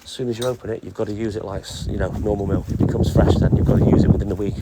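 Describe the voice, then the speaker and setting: A man's voice: on the low side, fairly even intonation, rapid-fire, heavy background noise. A man chatting casually and bantering with viewers on a live stream from his delivery van, swearing now and then. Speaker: milkman streamer. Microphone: phone live stream. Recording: music playing clearly behind.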